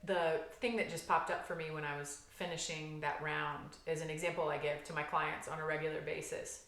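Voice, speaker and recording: A woman therapist guiding a somatic healing exercise, calm and gentle, explaining step by step with frequent fillers. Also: low voice, brisk, vocal fry, echoey room.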